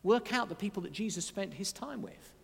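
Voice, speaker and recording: A man's voice: high-pitched, animated, brisk, gravelly, slightly rough. A man preaching a sermon in a conversational way, with asides and dry humour. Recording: long hall reverb.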